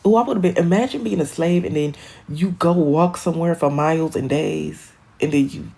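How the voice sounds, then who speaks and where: A young woman from Michigan chatting on a live stream, rambling, animated and profane, laughing at her own jokes. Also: sits low, normal speed, creaky. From Michigan, USA. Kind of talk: casual live-stream chat.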